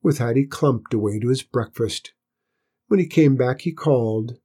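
A man gently reading a children's storybook aloud as narrator, slow and unhurried. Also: mid-range voice, husky.

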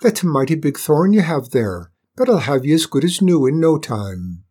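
Man doing a young boy, gentle, coaxing, lilting, husky, raised pitch. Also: sing-song, normal speed. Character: kindly Irish boy, gentle and eager.

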